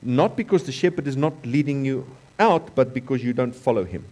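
Briskly and with lively intonation, a medium-pitched South African pastor preaches in church. Key phrases come back repeatedly as he alternates between loud emphasis and quieter stretches.

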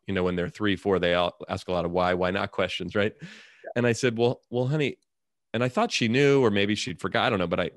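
A middle-aged man tells a personal story with earnest reflection in a lowish voice, voicing the people in it as he goes. The sound is dry and close, with no room echo. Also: fairly even intonation, fast. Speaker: guest, author and speaker. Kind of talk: storytelling in a podcast interview.

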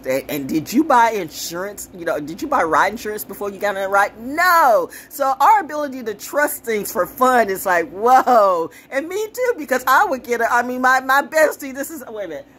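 A woman talking casually to camera in an animated, rambling way, profane and sassy, jumping from story to story. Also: on the high side, normal speed, few pauses. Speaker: commentator.

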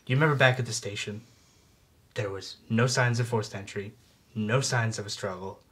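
A man's voice: lowish voice, moderate pace, fairly bright tone. A man playing a tabletop game, earnestly reasoning things through. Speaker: player. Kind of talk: casual tabletop game play.

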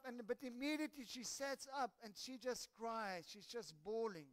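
A man preaching a sermon and telling stories, animated and halting, with many restarts. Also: very high-pitched. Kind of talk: sermon with storytelling.

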